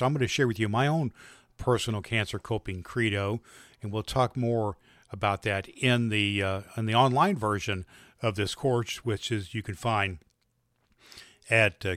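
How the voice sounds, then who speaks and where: A doctor hosting an online course teaches a casual spoken lesson, rambling loosely with fillers, restarts, jokes and stories. His fairly low voice is a bit bright, recorded dry with clean studio sound.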